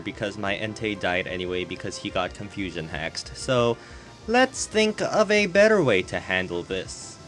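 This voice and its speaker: A man's voice: lowish voice, a bit bright. Rambling, swearing man commentating games. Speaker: game commentator. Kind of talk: live battle commentary. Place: home on a hot day.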